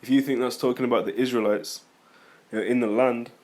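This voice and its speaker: Casting: man, mid-pitched, informal scripture teacher, rambling, argumentative, talks back to critics. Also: fairly even intonation, a little fast, darkish tone. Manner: rambling, conversational, reads scripture aloud then comments; argumentative, addresses critics directly. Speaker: religious teacher.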